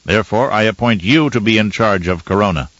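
A man's voice: lowish voice, brisk, a bit bright, dry recording, dull audio, close to an everyday voice. A man reading an audiobook, voicing a stern male military commander who gives clipped orders. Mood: commanding.

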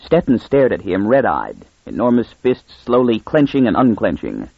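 Man narrating an audiobook, lively. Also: lowish voice, moderate pace, creaky, hardly any pauses, breathy edge, dry recording, muffled recording. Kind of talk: scripted narration.

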